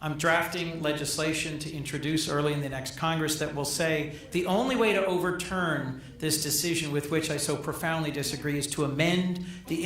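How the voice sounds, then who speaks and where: A middle-aged man, a senator, giving a formal speech at a gala, measured and emphatic, often repeating phrases for weight. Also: on the high side, fairly bright tone, a little hiss or hum. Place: large banquet hall. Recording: echoey hall, captured from a distance.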